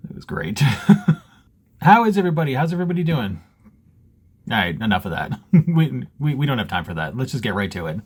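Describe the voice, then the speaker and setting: Husky-voiced joking man. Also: mid-range voice, sing-song, a little fast. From Canada. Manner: chatty, laughs often, joking and self-mocking. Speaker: cross-stitch vlogger. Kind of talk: casual chat to camera. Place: home basement.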